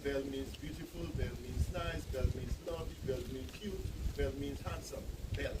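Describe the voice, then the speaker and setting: A man's voice: mid-range voice, brisk. A man with a Trinidadian accent, a native patois speaker, explaining things on an outdoor village tour, repeating words and checking that listeners follow. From Trinidad and Tobago. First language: Trinidadian French Creole (patois). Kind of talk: explaining on a guided walking tour. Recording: distant, echoey outdoor recording with loud ambient noise.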